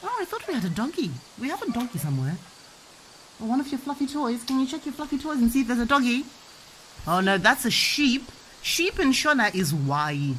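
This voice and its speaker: A woman playing pretend with her child, teaching animal names in an animated, playful sing-song way. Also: fairly high pitch, brisk, a little hiss or hum.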